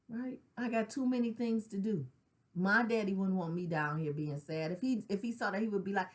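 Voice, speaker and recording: A middle-aged woman talks through grief and loss in a candid, conversational way. She speaks earnestly, drops into casual slang and keeps checking in with a quick "right?". Her voice sits at an ordinary middle pitch for a woman. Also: lively intonation. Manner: conversational, tag questions like "right?". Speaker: grief counselor sharing her own loss. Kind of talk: personal spoken reflection.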